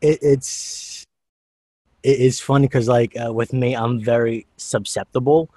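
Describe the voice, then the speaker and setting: A man's voice: medium pitch, unhurried, dry recording. A man who is a voice actor, a guest on a podcast, talking casually and telling stories with plenty of fillers. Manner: relaxed, filler-heavy storytelling. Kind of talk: casual interview chat.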